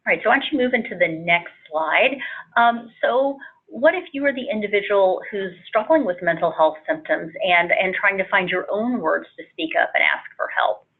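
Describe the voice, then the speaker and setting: A woman hosting a webinar over a thin, phone-quality line. She speaks hesitantly and fills her pauses with frequent ums. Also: medium pitch, animated, breathy edge. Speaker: webinar host.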